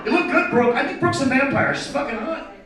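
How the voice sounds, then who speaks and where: Speaking a little fast in a very high, expressive voice, a male stand-up comedian delivers a crude, brash set and teases the crowd at a live event. The mic is distant and echoey, picking up the audience's chatter and laughter.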